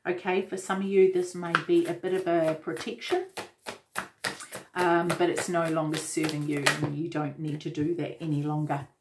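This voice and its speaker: A woman giving a casual tarot reading, gentle and reflective, with many fillers and restarts. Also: sits low, little pitch movement, moderate pace, background noise. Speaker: tarot reader.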